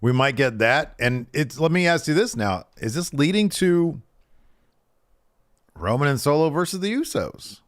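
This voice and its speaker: A man's voice: a little high, a little slow, no room sound, clean studio sound. A man co-hosting a casual wrestling recap podcast, telling the story with lots of restarts and musing. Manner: animated storyteller, uncertain musing with frequent restarts.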